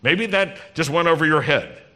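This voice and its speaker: Bright-voiced rabbi preaching in a hall. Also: male voice, a little high, moderate pace. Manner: conversational preaching, teasing the congregation, addresses listeners directly. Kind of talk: sermon. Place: congregation hall. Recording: long reverb in a large hall.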